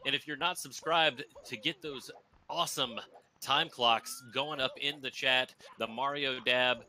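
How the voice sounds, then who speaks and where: A man's voice: medium pitch, fairly even intonation, unhurried, pushed and bright. A man commentating a live speedrun race, upbeat and hyping up the viewers. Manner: upbeat, hype-building, talks to chat and runner.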